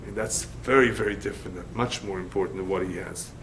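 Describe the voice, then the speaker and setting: A man's voice: low voice, brisk, creaky, slight background noise, rough recording. A middle-aged man, a rabbi, giving a Torah study lecture, emphatic and fond of repeating his key points. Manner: lively storyteller.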